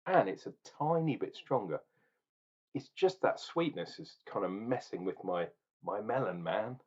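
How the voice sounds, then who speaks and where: Husky man, lively low voice. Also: unhurried, dull audio. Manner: rambling, chatty, speaks straight to the viewer while sipping. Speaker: beer reviewer. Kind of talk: casual tasting vlog.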